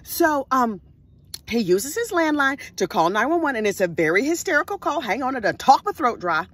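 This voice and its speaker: A woman casually telling a true crime story in an animated way, full of sassy asides. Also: high-pitched, normal speed.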